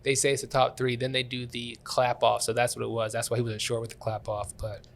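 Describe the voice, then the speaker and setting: A man hosting a comedy podcast, telling rambling, animated stories and laughing often. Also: mid-range voice, a little fast, gravelly. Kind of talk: casual comedic storytelling. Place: Columbus comedy scene.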